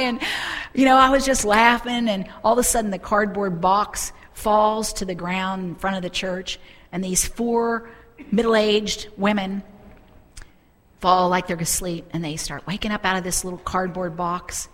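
A middle-aged woman preaching a sermon, telling a story with fervent, animated delivery. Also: medium pitch, moderate pace, big-room sound.

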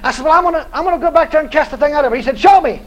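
A man preaching a sermon in a folksy, dramatic storytelling style, shouting out the lines he quotes. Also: very high voice, very fast, rough recording. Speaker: evangelist preacher.

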